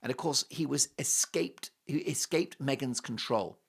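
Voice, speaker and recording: A man's voice: mid-range voice, measured pace, gravelly, husky. A middle-aged man from Britain with a British accent, hosting a talk show with an opinionated monologue full of mocking, jokey asides. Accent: British English.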